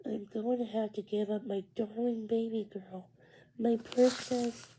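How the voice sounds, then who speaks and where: A woman's voice: on the high side, slow, creaky, a little hiss or hum, rough recording. A woman reading aloud and voicing a gushing, dramatic young woman in a children's storybook, emphatic and full of superlatives. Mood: tearful. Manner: breathless and emphatic, stacking superlatives.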